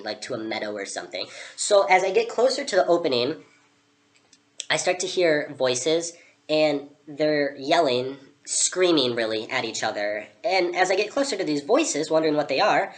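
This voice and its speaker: Low-voiced young woman telling a sarcastic story. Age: young adult. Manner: chatty, sarcastic, lots of "like". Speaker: vlogger playing Alice. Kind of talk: storytelling character vlog.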